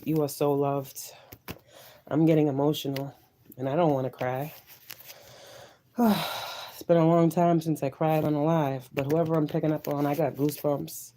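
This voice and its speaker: Woman tarot reader on a live stream: mellow, warm tone, emotional and preachy, drops to soft near-whispers. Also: sits low, a little hiss or hum, low-quality recording. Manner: emotional, preachy, repetitive affirmations, swears.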